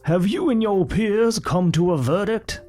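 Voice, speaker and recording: A man voicing an 1890s judge in an exaggerated put-on Southern accent, slow and comic. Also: high voice, a little mellow, faint music behind, pitched above the performer's own voice. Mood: mock-formal.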